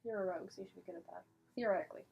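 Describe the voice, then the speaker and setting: A woman narrating a tabletop game as game master, self-mocking and quick to laugh. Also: fairly low pitch, gravelly, lo-fi sound.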